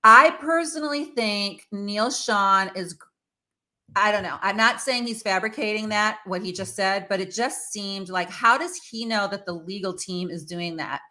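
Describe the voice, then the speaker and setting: A woman with a bright, forceful, mid-range voice hosts her own show, unhurriedly dishing out chatty, opinionated commentary on celebrity news full of fillers and asides.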